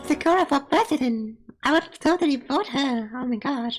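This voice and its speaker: A woman's voice: sits high, lively intonation, moderate pace, faint music behind, low-quality recording. A woman streamer chatting casually while reacting to cartoon episodes, laughing and often saying not gonna lie. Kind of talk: casual live-stream chat.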